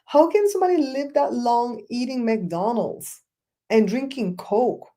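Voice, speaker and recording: A woman's voice: fairly high pitch, lively intonation, unhurried, dark tone. A middle-aged woman hosting a casual talk show, ranting bluntly and telling stories with mocking quoted voices. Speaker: host.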